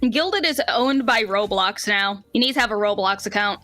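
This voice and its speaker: A woman's voice: medium pitch, moderate pace, sharp tone, dry recording. A woman co-hosting a podcast in casual chat, wry and chatty, with trailing fillers. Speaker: podcast co-host.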